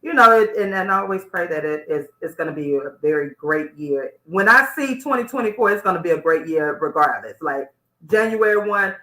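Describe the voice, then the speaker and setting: A woman's voice: lowish voice, expressive, a little fast, bright, forceful tone. A woman hosting a live internet radio show, chatting casually with guests and listeners and often restarting her sentences. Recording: roomy echo.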